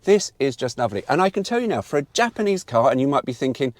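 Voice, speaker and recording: Lively, animated man reviewing a car. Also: medium pitch, fast, no room sound. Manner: chatty, blunt and opinionated, with mild swearing.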